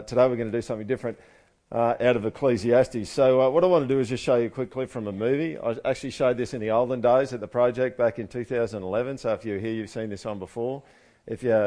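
A man's voice: on the low side, warm tone. A man preaching a casual sermon full of joking, sarcastic asides. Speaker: pastor.

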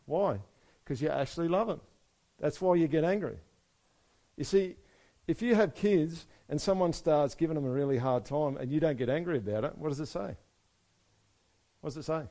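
A man preaching a sermon, moving between soft, quiet stretches and loud, emphatic passages. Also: on the high side, expressive, fairly quick, creaky. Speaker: pastor.

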